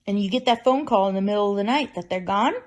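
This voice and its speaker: A woman's voice: medium pitch, fast talker. A woman talking straight to camera in an emotional personal vlog, bitter and raw, with wry laughs between her points. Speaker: vlogger.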